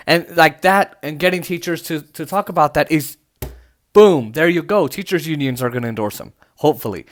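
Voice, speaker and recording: A man's voice: fairly high pitch, brisk. A man hosting a podcast, giving casual political commentary in a loose, chatty way with many fillers and restarts. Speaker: podcast host.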